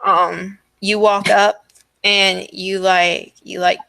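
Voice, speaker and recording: A woman narrating as dungeon master for a tabletop game, halting and full of restarts. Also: medium pitch, little pitch movement, vocal fry, pushed and bright, no room sound. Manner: halting, many fillers and restarts.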